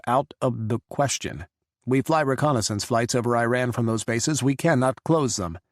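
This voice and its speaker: A man voicing a guarded American president who speaks in a firm, measured way. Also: medium pitch, no room sound, studio quality, close to an everyday voice.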